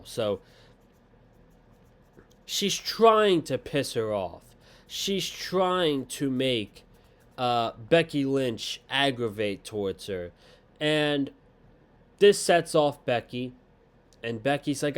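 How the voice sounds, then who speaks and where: A young man hosting a casual wrestling review podcast. He talks at an unhurried, drawn-out pace in a mid-range voice, blunt and rambling, with the odd casual swear. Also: medium pitch, animated.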